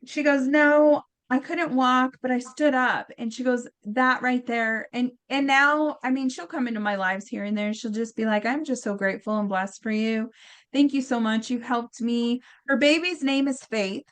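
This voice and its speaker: A woman with a fairly high voice tells a story in casual chat. She is animated and acts out each quote, with plenty of fillers and restarts. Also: moderate pace, smooth. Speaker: guest healer.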